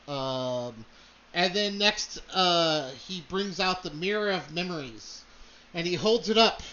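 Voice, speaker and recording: A man's voice: high voice, expressive, slow, bright, forceful tone, lo-fi sound, a little hiss or hum. A man narrating a tabletop game as game master, loose and hesitant, with many fillers.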